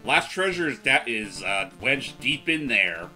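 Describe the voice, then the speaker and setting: Bright, lively young man playing a game. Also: mid-range voice, unhurried, soft background music. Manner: excitable, breaks into playful chants. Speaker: game player and channel host. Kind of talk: casual let's-play commentary.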